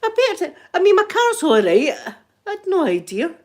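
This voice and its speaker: A middle-aged Scottish woman and grandmother chatting in a casual ASMR vlog, animated and laughing often. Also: very high-pitched, normal speed. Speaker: vlogger and grandmother.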